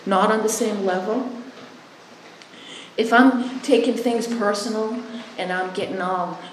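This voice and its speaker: A woman's voice: medium pitch, fairly even intonation, unhurried, roomy sound, slight background noise, poor audio. Blunt woman telling recovery stories. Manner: blunt, sarcastic, acts out both sides of conversations. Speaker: recovery sponsor and halfway house worker. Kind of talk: candid personal testimony.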